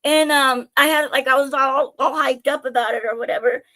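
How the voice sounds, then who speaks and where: A young woman streaming live, telling her own stories in an animated, chatty way with plenty of swearing and jokes at her own expense. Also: high voice, fairly quick. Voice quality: animated, chatty, swears freely, self-mocking. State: out of breath. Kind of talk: casual storytelling to viewers.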